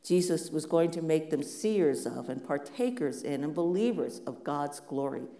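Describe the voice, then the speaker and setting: A pastor preaching a sermon in a measured, reflective way, asking many rhetorical questions. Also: medium pitch, lively intonation, warm tone, echoey room.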